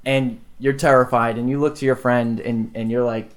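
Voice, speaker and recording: A man's voice: mid-range voice, level tone, moderate pace, hardly any pauses. A young man hosting a podcast among friends, telling a silly made-up story in a playful, laughing way and acting out the lines of the people in it. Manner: playful, laughs often, acts out dialogue in his story. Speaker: podcast host.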